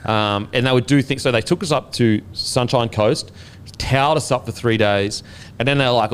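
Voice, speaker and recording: An Australian man in his thirties hosting a podcast, telling a story in a casual, animated way and swearing freely. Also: medium pitch, normal speed, a little hiss or hum. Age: 30s. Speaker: podcast host and former rugby league player.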